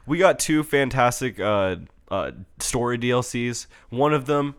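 A young man in casual chat, excitedly reviewing a game with lots of swearing and restarts. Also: medium pitch, unhurried, clear, resonant tone. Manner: excitable, profane, rambling with restarts. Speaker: podcast co-host reviewing a game.

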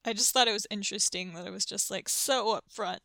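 A woman from Tennessee co-hosting a podcast, talking in an animated way full of "like". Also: medium pitch, fast talker, vocal fry, no room sound. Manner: animated, lots of "like". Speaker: podcast co-host. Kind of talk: casual podcast chat.

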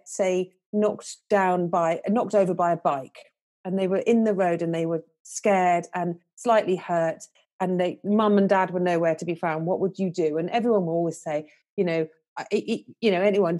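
A woman speaks as a confidence coach on a podcast, her tone mellow and warm. She explains her ideas earnestly and gently, now and then slipping into the voices she describes. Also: medium pitch. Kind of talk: podcast interview.

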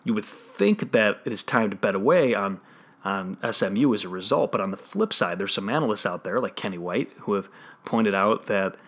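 Chicago man with a low voice. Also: lively intonation, moderate pace. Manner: analytical, restarts phrases, trails off quietly at ends. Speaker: sports betting podcast host. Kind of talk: solo podcast analysis.

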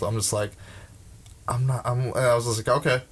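A man's voice: medium pitch, little pitch movement, normal speed. A young man in casual podcast chat, ranting with heavy swearing and frequent restarts. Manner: profane, ranting, with many restarts.

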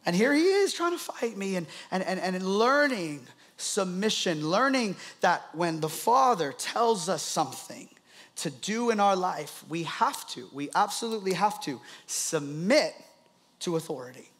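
A man, a pastor, preaching with animated, laughing storytelling. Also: high voice, unhurried. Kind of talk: sermon.

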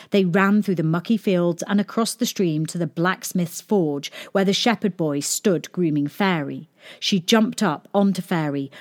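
A woman reading a children's story aloud in a gentle, expressive storytelling manner. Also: lowish voice.

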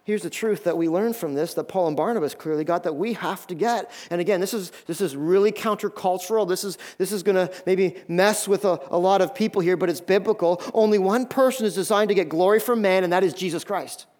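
A man preaching a sermon as a pastor, animated and often repeating words as he builds emphasis. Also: high voice, a little fast, few pauses.

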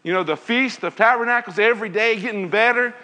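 A man's voice: high-pitched, a little fast, pushed and bright, long reverb tail. A man leading an evening Bible lesson, earnest and repetitive, reading scripture aloud. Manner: earnest, repeats phrases, reads scripture aloud. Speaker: Bible teacher.

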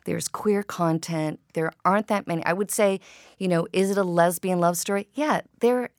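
Low-pitched woman filmmaker chatting in an interview, thoughtful, dry sound. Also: normal speed, dry recording. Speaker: filmmaker guest. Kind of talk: interview conversation.

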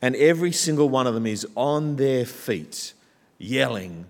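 A man's voice: medium pitch, lively intonation, measured pace. Man preaching in a reverberant church. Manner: builds from quiet to loud, rousing. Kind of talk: sermon. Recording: church hall with long reverb.

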